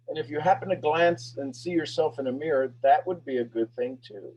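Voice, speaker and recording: A man hosting a live motivational talk, energetic and preachy, repeating questions and swinging between loud bursts and hushed lines. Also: on the high side, brisk, few pauses, highs cut off, a little hiss or hum. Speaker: host of a motivational talk show.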